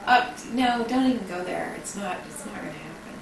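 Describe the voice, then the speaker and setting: Young woman, casual frank chat, lowish voice, distant camcorder, echoey, background noise. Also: fairly quick, creaky. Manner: talkative, frank, lots of fillers. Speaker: friend being filmed. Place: outdoors hangout spot. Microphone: camcorder mic from a distance. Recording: echoey, distant, noisy home video.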